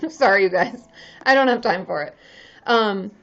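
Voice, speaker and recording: Unhurried and a bit bright, a woman's mid-range voice carries her casual livestream as a licensed therapist, soft music playing behind. She's chatty and frank, swearing and laughing freely, over dull lo-fi sound.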